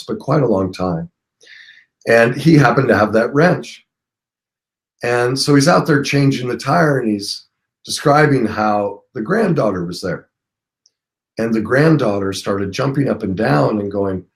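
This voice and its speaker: A man hosting a live call-in stream, casually retelling a story and acting out both sides of the conversation. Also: medium pitch. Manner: conversational, retells dialogue with emphasis. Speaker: host of a live call-in show.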